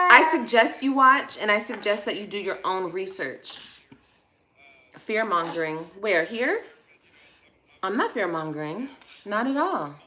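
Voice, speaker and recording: A woman's voice: medium pitch, big pitch swings, unhurried, pauses often, noisy background. A woman vlogger chatting casually on a livestream, blunt, sassy and profane as she scolds viewers. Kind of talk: casual livestream chat replying to comments.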